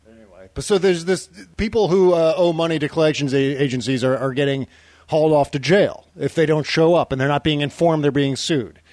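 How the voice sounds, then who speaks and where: A male podcast co-host with a slightly high voice chats casually and laughs often. He restarts sentences and fills gaps with "uh". The sound is dry and close, with no room. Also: fairly even intonation, a little fast, a little mellow, no echo. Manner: chatty, laughs easily, many restarts and "uh"s. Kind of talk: casual chat.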